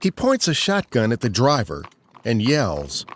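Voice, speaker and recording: Expressive male true-crime narrator. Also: medium pitch, a little slow. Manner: expressive storytelling.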